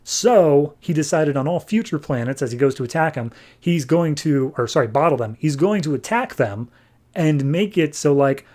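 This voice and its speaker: A young man recaps a comic on his podcast in a relaxed, conversational way. He keeps the story moving and slips into short acted lines for the characters as he goes. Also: on the high side. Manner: animated retelling with quick bits of acted dialogue.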